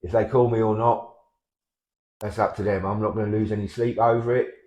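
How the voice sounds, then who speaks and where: A man in his fifties with a Portsmouth English accent, trading deadpan comic chat and stumbling self-deprecatingly over his words. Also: fairly low pitch, fairly quick, reverberant, dull audio. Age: 50s. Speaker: comedy double-act partner.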